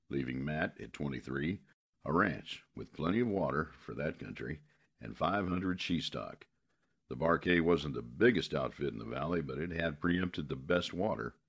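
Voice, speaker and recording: A man narrating a western novel in a steady, measured way. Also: a bass voice, creaky.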